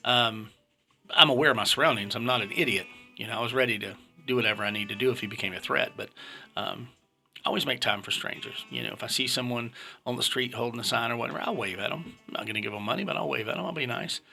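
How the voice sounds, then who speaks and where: A man in his late fifties talks straight to camera in a blunt, opinionated casual monologue. His voice is gravelly with a bright, forceful edge. Faint music sits behind him. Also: medium pitch, fast. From United States. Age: 50s. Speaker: vlogger.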